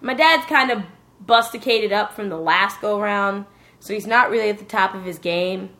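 A woman casually telling a lively story about a video game, cursing and joking as she goes. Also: medium pitch, normal speed. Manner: animated storytelling, swearing, joking voices.

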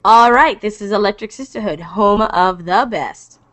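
A woman's voice: medium pitch, moderate pace, noisy background. A woman hosting a casual podcast over an online call, playful and giggly, restarting the intro again and again. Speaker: podcast host.

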